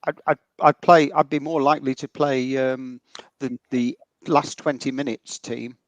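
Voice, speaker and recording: A man's voice: mid-range voice, flat delivery, a little slow, dry recording. A man co-hosting a football fan podcast, thoughtful and hesitant with frequent ums. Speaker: podcast co-host. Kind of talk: casual fan podcast chat.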